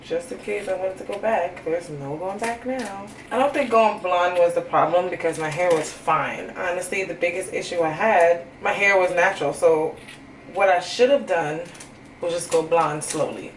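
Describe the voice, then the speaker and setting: A woman's voice: fairly low pitch, moderate pace, far from the mic, a little hiss or hum. Chatty young woman in echoey room. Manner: candid, chatty, peppered with "like". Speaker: hairstylist and vlogger. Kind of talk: casual chat to camera. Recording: roomy echo, faint music.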